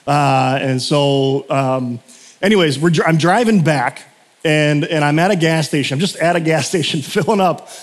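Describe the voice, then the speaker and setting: Male pastor, relaxed storytelling sermon, slightly high voice, lingering church-hall reverb. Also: moderate pace. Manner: chatty, self-interrupting storyteller. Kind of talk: casual sermon.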